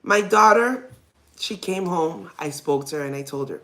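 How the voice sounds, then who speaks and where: Candid woman host, lower voice. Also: lively intonation, normal speed, fairly bright tone. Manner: laughs when nervous, candid and rambling. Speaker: podcast host, mother. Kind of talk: casual personal storytelling.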